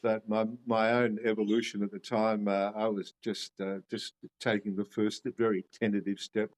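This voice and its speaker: Middle-aged Australian man, a low-pitched guest who tells a lively story. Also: normal speed, rough recording. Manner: animated storyteller who acts out his past reactions. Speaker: guest, shamanism teacher. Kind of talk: casual storytelling interview.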